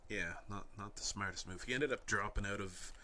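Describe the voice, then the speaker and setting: Young male podcast host from Canada, lowish voice, forceful bright delivery, dry rambling anecdotes, faint noise underneath. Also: fairly quick. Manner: wry, rambling, deadpan anecdotes. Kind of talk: casual storytelling.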